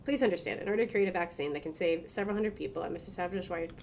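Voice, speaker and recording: A woman's voice: on the low side, rapid-fire, vocal fry, a little mellow, a little hiss or hum. A woman voicing a stern male doctor in a game, reading his probing questions earnestly.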